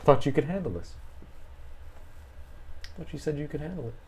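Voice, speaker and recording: A woman's voice: deep voice, animated, normal speed, mellow, slightly rough. A woman voicing a languid, smug, godlike female space entity in a tabletop game, teasing and aloof.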